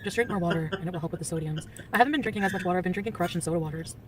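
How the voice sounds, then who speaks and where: A woman's voice: medium pitch, lively intonation, racing, far from the mic. A woman livestreaming in a chatty, rambling way, giggling and answering her chat. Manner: rambling, giggly, jumps between topics. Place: on the go, partly in a store.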